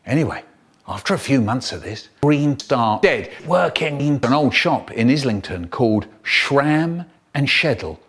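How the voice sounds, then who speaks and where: A young man narrating an absurd, crude comic story in a deadpan way. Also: mid-range voice, unhurried, husky. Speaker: comedy voiceover narrator.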